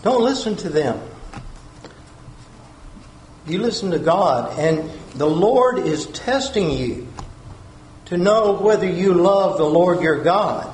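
A man's voice: high voice, lively intonation, takes it slowly, long pauses, a little mellow, a little hiss or hum. A man preaching a sermon, earnest, repeating key phrases and asking his listeners questions. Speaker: pastor. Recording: roomy echo.

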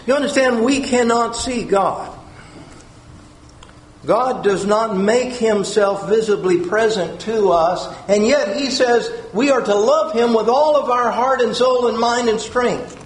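A man's voice: very high-pitched, a little slow. A man preaching a sermon, earnest, repeating key phrases and asking his listeners questions. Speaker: pastor. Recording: roomy echo.

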